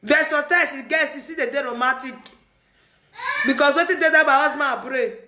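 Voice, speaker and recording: A woman's voice: sits high, a little fast, pushed and bright. A woman speaking Nigerian Pidgin in casual chat, teasing and laughing often as she reacts to a video. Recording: roomy echoey room.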